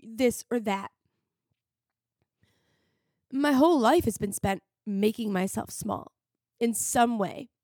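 A woman's voice: a little high, a little mellow, no echo. Rambling young woman, dry close mic. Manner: rambling, filler-heavy, emotional. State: tearful at times. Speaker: podcast host. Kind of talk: casual confessional monologue.

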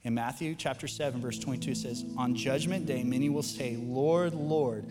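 A man preaching a sermon as pastor, talking in a conversational, animated way that builds to impassioned emphasis. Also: mid-range voice, brisk, in a large hall, over music. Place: church auditorium.

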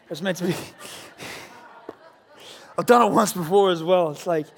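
A man. He sounds like he is in his thirties and talks in a relaxed, chatty way, telling stories and joking at his own expense. When he prays he turns quiet and slow. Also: high-pitched, vocal fry. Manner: warm storytelling with self-deprecating humour. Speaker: pastor. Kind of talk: sermon.

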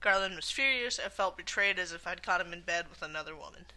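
Bright-voiced woman co-hosting a casual chat. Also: lowish voice, quick pace, slight background noise. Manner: chatty, quotes people in play-acted lines. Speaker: podcast co-host.

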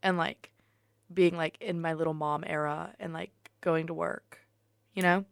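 A young adult woman co-hosting a casual podcast, chatty and excitable, peppering her speech with "like". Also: low-pitched, a little slow, gravelly, smooth, dry recording, studio quality. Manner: chatty and excitable, heavy use of "like". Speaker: podcast co-host. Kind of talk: casual chat.

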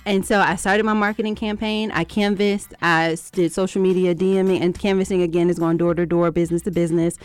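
A woman's voice: on the low side, fairly even intonation, a little fast, few pauses, clear, resonant tone, no echo. A woman from Georgia, a commercial real estate broker, telling her story as a radio guest in an upbeat, confident way. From Atlanta, Georgia. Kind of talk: radio interview.

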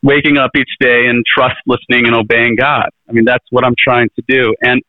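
A man's voice: medium pitch, level tone, a little fast, dry recording. A middle-aged man, a guest in an interview, telling his story in an earnest, rambling way full of restarts and fillers. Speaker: interview guest, presidential candidate. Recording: tinny phone-like line, dry.

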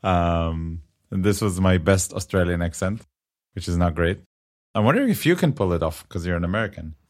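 A man's voice: low-pitched, lively intonation, quick pace, darkish tone. A man co-hosting a casual tech podcast, playful and joking, laughing often and using lots of uh fillers. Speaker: podcast co-host.

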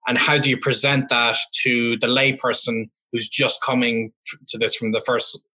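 A man's voice: mid-range voice, flat delivery, normal speed, sharp tone, husky. A man hosting a podcast, asking long questions with hesitations and restarts. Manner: hesitant, searching for words. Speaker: podcast host. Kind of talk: casual interview questions.

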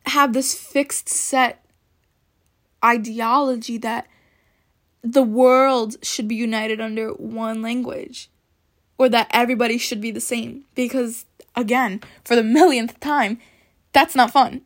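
A woman's voice: fairly high pitch, steady tone, slow pace. Emphatic young woman hosting a podcast. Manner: emphatic and opinionated, repeats points for stress. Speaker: student podcast host. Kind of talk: podcast opinion monologue.

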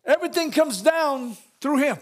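A man with a strikingly high voice preaches in his church. He works the congregation with call-and-response, bursting into laughter and raising his voice to a shout. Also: lively intonation, normal speed. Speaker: pastor. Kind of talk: sermon.

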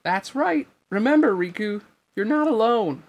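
A man voicing a small male king with a high, gentle, reassuring voice. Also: animated, a little slow, heavily acted.

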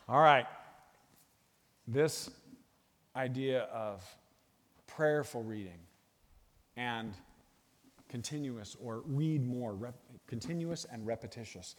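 Animated middle-aged man preaching in a hall. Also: medium pitch. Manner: animated, jokey, bursts into sung movie lines. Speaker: guest speaker. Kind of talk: sermon. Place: church hall with an audience. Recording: long hall reverb.

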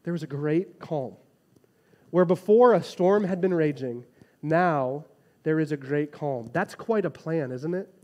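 Animated preaching man, higher voice. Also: unhurried. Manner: animated, conversational preaching with frequent "right?" asides. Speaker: pastor. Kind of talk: sermon.

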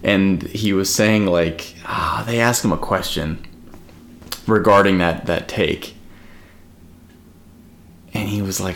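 A man's voice: deep voice, a little slow, gravelly, pauses often. A man co-hosting a podcast in casual chat, rambling with lots of fillers and the odd swear. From United States. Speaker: podcast co-host.

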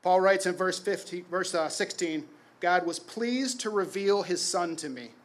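A pastor in his forties preaches to his congregation with a voice that sits a little higher than most men's. He pushes phrases out loudly, then sinks to a low, quiet hush to land a point, with strong emphatic delivery. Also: unhurried. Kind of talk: sermon.

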